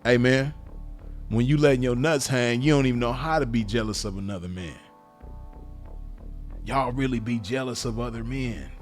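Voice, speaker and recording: A man's voice: medium pitch, darkish tone. Blunt man ranting with faint music. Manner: blunt, repetitive, profane street talk. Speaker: vlogger. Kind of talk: unscripted monologue to camera.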